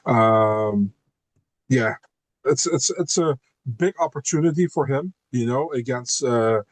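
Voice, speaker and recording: A man's voice: medium pitch, slow, no room sound. A laid-back man talks casually on a podcast, often circling back on his words with "you know" and "man". His voice sits in a middle range and is recorded dry and close, with no room sound. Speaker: podcast guest, MMA co-host.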